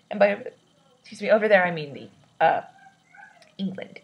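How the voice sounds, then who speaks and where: In a rambling personal vlog, a woman in her twenties works through her worries, hesitant and self-doubting, restarting often and calling herself awkward and introverted. Her medium-pitched voice is animated and breathy, a little fast with frequent pauses, and the audio is poor.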